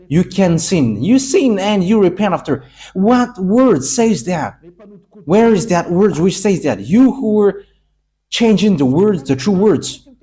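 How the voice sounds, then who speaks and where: A man from Madagascar, preaching a sermon in emphatic, halting English with frequent pauses. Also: on the high side, warm tone, breathy edge.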